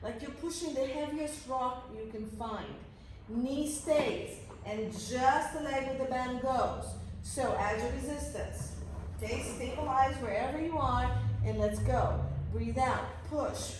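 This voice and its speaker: A pilates instructor with a high voice leads a workout class at an unhurried pace, coaching with energy, counting reps, and sometimes running out of breath. She is picked up from a distance with roomy echo and a little hiss or hum.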